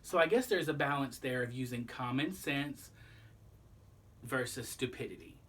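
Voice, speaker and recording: A man's voice: mid-range voice, moderate pace, slightly rough, distant mic. Man reading a children's storybook aloud. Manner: gentle, explaining asides to young listeners. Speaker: storybook reader.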